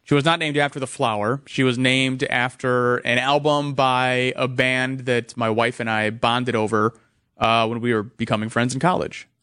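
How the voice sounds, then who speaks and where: A man's voice: medium pitch, little pitch movement, normal speed, pushed and bright, clean tone, no echo. Young man, radio co-host, friendly, agreeable, dry studio sound. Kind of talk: casual radio talk. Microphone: studio microphone.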